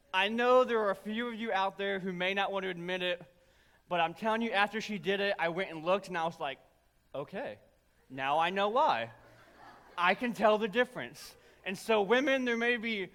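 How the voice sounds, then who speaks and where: A young man preaching a sermon, telling personal stories in an animated, self-deprecating way to his congregation. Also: high-pitched. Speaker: pastor. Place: large church auditorium. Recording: church hall with long reverb.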